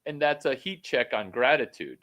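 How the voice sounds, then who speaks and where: A man coaching someone one-on-one over a call, blunt and profane, rambling with sudden loud bursts. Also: medium pitch, animated, normal speed. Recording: phone call.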